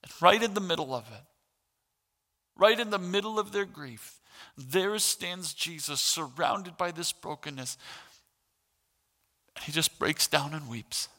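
A man's voice: on the high side, lively intonation, measured pace, pauses often, pushed and bright. A middle-aged man preaching a sermon as pastor, earnest and building to impassioned emphasis. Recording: long hall reverb.

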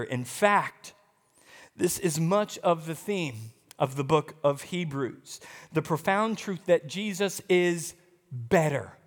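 Animated high-voiced man preaching. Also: long reverb tail. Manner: storytelling, animated, emphatic. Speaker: pastor. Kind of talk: sermon.

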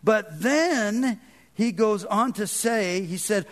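A man preaching a sermon as pastor, in a conversational way that swings between loud emphatic stretches and soft low passages. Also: lively intonation, slow. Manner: conversational, with frequent "man" and "kind of".

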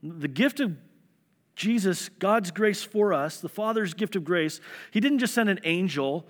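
A man's voice: high-pitched, lively intonation, unhurried, in a large hall. A man preaching a sermon as pastor, earnest and conversational, often restarting his words.

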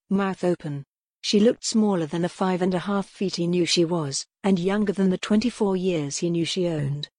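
A woman narrates an audiobook in a measured, even way. Her voice sits a little low for a woman, and the close studio recording is dry with no room sound. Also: dry recording. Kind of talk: scripted narration.

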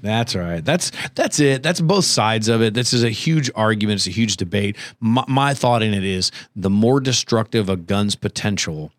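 A man's voice: on the low side, animated, normal speed, few pauses, no room sound, studio quality. A man co-hosting a podcast, chatting casually and rambling with restarts. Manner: rambling, self-correcting. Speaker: podcast co-host. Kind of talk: casual chat.

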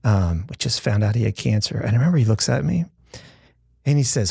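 A man with a gravelly, rough-edged voice, speaking as a pastor in a conversation. He tells his stories with earnest, emphatic feeling. The sound is dry and close, with no room around him. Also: medium pitch, animated, a little fast, darkish tone, no echo. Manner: earnest storytelling, heartfelt and emphatic. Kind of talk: conversational podcast talk.

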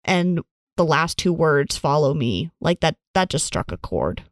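A woman's voice: low voice, unhurried, dry recording, studio quality. A woman in casual podcast conversation, talking earnestly with lots of "like" fillers. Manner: earnest, animated, many "like" fillers.

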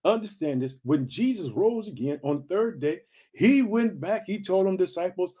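High-voiced fired-up male preacher. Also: animated, normal speed, mellow, breathy edge. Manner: fired-up, repeats catchphrases, calls listeners family. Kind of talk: energetic sermon.

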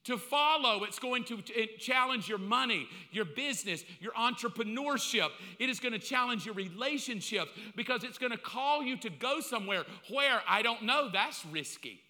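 A male pastor preaches bluntly and with great animation, his high, very bright voice swinging widely in pitch. He breaks into little acted-out exchanges. A long reverb carries his voice through a large sanctuary. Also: animated, moderate pace, hardly any pauses. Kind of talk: sermon.

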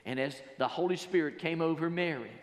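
A man preaching a sermon, quoting scripture, then stressing key words slowly and rising to loud emphatic peaks. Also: on the high side. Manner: quotes scripture and paraphrases it. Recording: long reverb of a large hall.

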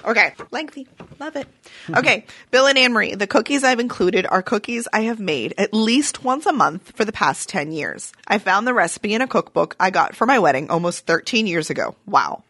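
A woman's voice: mid-range voice, expressive, normal speed, fairly bright tone, breathy edge, no room sound. A young woman co-hosts a podcast with a playful, teasing tone and a ready giggle. Her mid-range voice sounds dry and close to the mic. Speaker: podcast co-host. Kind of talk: casual chat.

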